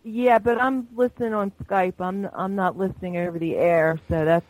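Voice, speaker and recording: A woman's voice: medium pitch, fairly even intonation, normal speed, darkish tone, no room sound, poor audio. A woman hosting a live internet talk radio show, chatty and gushing, laughing often between remarks.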